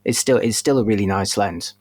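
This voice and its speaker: A man with a Northern English accent, a guest in a casual podcast chat, talking in a lively, lightly joking way. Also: fairly low pitch, a little fast, no room sound.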